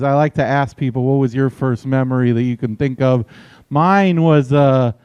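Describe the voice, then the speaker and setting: A man's voice: on the high side, darkish tone, clean tone, no echo. A man in his forties doing a stand-up set at a small live venue, telling dry, profane stories and acting out quotes. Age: 40s. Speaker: stand-up comedian.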